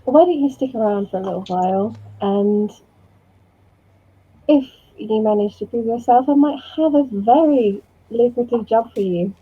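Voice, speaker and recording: A woman's voice: fairly high pitch, normal speed, slightly rough. A woman playing a businesslike adventurer over a phone-like line.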